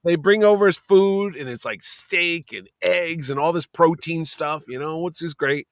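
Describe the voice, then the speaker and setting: A man, a convention owner telling lively, swearing stories in casual podcast chat. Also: fairly high pitch, moderate pace. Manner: animated storyteller, acts out quotes, swears.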